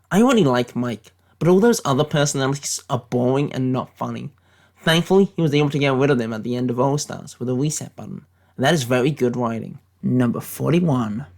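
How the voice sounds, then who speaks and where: Brief: British guy faking an American accent, gravelly, deadpan mock-serious ranking rants. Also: medium pitch. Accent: put-on American accent. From Britain. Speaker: YouTube commentator. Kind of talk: satirical tier-list commentary.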